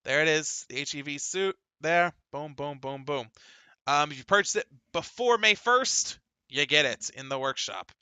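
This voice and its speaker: A male podcast host with a very bright, crisp and clear voice, recorded dry and close to the mic. He chats casually and laughs a lot, with fillers scattered between the news he reads. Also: on the high side, expressive, normal speed, no room sound. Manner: chatty, laughs often, many fillers. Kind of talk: casual gaming podcast chat and news reading.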